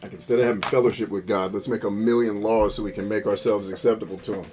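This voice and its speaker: A man's voice: lowish voice, fairly even intonation, quick pace, darkish tone. Profane, ranting man over gameplay. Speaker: gameplay commentator. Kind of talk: rambling commentary over gameplay.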